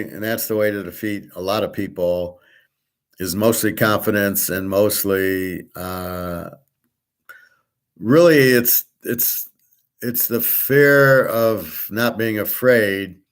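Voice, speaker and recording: A middle-aged man hosting a show, talking bluntly and with swagger, swearing freely and answering viewers in a casual monologue. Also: fairly low pitch. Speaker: show host.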